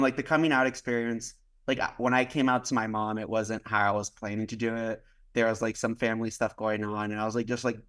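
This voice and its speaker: A man's voice: on the low side, fairly bright tone. A young man from Miami, a podcast guest, tells a personal story in loose casual chat, full of "like" fillers, acted-out dialogue and the odd swear word. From Miami, United States. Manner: rambling, heavy use of "like", acts out quoted dialogue. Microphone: podcast microphone.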